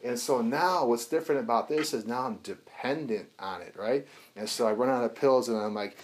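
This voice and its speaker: A man leads a recovery group with an easy, animated way of talking. He tells stories, acting out the voices in his scenes and cursing casually. His voice sits at an ordinary, middling pitch. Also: a little fast. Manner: animated, acts out dialogue, casual swearing. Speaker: recovery class instructor. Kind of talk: teaching a group, storytelling.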